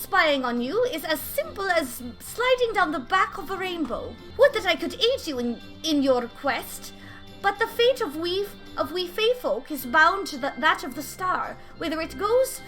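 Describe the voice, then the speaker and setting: Woman playing a pixie king, high, bright, Scottish accent, theatrical, fey and teasing. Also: sing-song, unhurried, soft background music, heavily acted. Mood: grand. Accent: Scottish, put on. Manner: theatrical, sing-song, mock-wounded.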